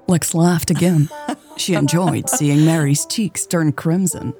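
A woman narrating a romance story in a calm, even storytelling voice. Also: low voice, takes it slowly, soft background music. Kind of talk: scripted audiobook narration.

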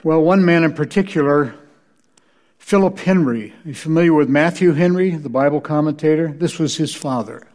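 A man's voice: a little high, moderate pace, a little mellow. Male church lecturer, wry storyteller with a slightly raised voice. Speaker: preacher and church history lecturer. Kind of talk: lecture with humorous anecdotes.

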